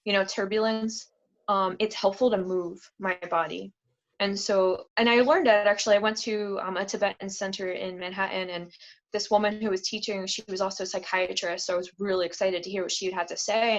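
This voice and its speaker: A woman's voice: medium pitch, fairly even intonation, brisk. A woman speaking as a podcast guest in a candid, casual way. She talks earnestly, uses "like" a lot, and acts out quotes in a livelier voice. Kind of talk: candid casual interview talk. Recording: dull lo-fi podcast audio.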